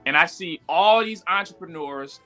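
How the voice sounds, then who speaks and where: A man telling a story in casual live-stream talk, animated and full of "like" and "yo", jumping high when he quotes people. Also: moderate pace, faint music behind. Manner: animated, acts out quotes with sudden high pitch jumps; frequent fillers "like" and "yo". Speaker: guest entrepreneur.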